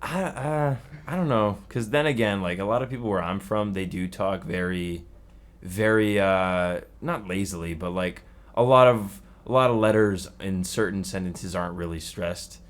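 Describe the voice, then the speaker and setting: A man's voice: low voice, moderate pace. A young man from New England, a podcast guest in casual chat, hesitant and often trailing off.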